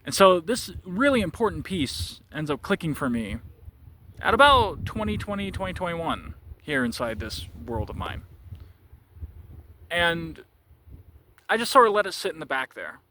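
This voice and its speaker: Man recounting a story casually, fairly high bright voice, halting delivery with restarts and chuckles. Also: sing-song, a little hiss or hum. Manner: halting, repeats words, chuckles often. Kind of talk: casual first-person storytelling.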